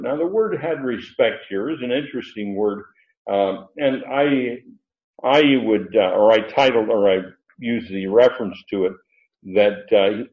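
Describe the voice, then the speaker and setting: A man preaching a sermon, explaining a Bible passage verse by verse in an unhurried, digressive way with many fillers. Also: lowish voice. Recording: roomy, muffled.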